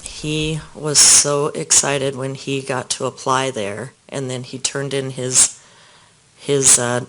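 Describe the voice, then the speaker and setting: Soft-spoken man testifying in court. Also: medium pitch, little pitch movement, a little hiss or hum, low-quality recording. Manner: soft-spoken, halting, with small restarts. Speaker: witness giving testimony.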